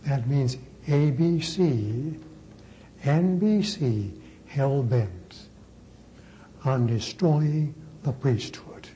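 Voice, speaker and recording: Slow, dark-voiced preaching priest. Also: male voice, mid-range voice, animated, highs cut off, slight background noise. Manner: slow, emphatic preaching with deliberate repetition. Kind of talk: sermon.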